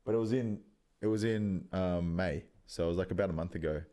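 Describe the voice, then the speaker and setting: A young Australian man in his twenties, telling a story in loose, casual podcast chat, swearing freely and pausing on many ums. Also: low voice, warm tone. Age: 20s. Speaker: podcast guest, rugby league player.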